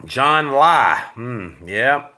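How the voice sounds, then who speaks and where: A man hosting a casual boxing show, reading viewer comments aloud and swearing freely as he jumps between loud outbursts and low mutters. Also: expressive, drawn-out words. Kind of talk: casual live-chat commentary.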